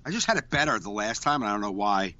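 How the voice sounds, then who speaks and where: A man's voice: lowish voice, lively intonation, quick pace, bright, forceful tone, lo-fi sound. A man co-hosting a podcast in casual chat, rambling and swearing freely, talking into a desk microphone over a call. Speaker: podcast co-host.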